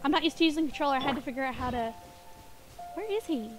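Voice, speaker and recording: A young woman streams a game, talking fast in a high-pitched voice with lively intonation. She chats casually with her viewers and giggles often, a little sniffly and hiccuping, while game music plays.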